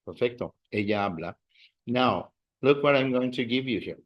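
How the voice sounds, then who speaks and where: A man's voice: medium pitch, lively intonation, muffled recording. A man teaching a class, explaining verb endings patiently and drilling students in a classroom. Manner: slow, patient, drills students with call-and-response. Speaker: Spanish teacher. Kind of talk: classroom lesson.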